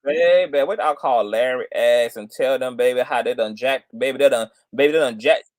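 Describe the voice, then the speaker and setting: A man's voice: medium pitch, animated, a little slow, fairly bright tone, no echo. A man hosting livestream commentary in a sassy, theatrical way, peppered with "girl" and "child". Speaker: commentary channel host.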